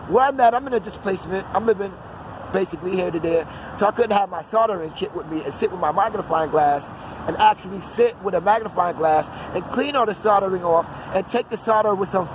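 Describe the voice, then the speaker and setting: A man, rambling on in an unscripted outdoor vlog and drifting off into fillers. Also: sits high. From New York City. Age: 40s. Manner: digressive, talkative, trails off into fillers. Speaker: vlogger. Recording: outdoor street noise and traffic.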